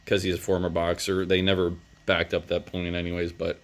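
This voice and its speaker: A young man with a deep, low voice giving a casual movie review. He rambles through the plot, crude and full of fillers. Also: monotone, a little fast.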